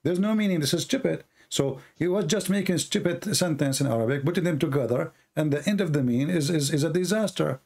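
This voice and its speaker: Pushy, sarcastic man with a gravelly voice. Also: on the high side, fairly quick, few pauses, darkish tone. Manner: pushy, sarcastic, repeats questions; non-native English grammar. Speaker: debate host. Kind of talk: confrontational debate call.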